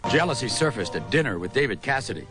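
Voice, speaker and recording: A man delivering scripted documentary narration in a polished, measured way. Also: medium pitch, big pitch swings, over music, poor audio.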